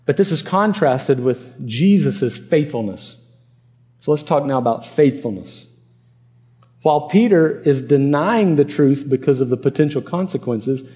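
A man's voice: mid-range voice, warm tone. A man preaching an expository sermon, earnest and emphatic, repeating words for stress. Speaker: pastor.

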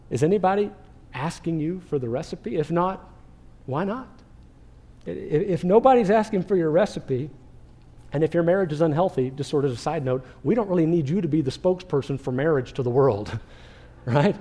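A man's voice: a little high, animated, a little fast, dark tone. A man preaching a sermon, talking to the congregation in a conversational way and asking many rhetorical questions. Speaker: pastor.

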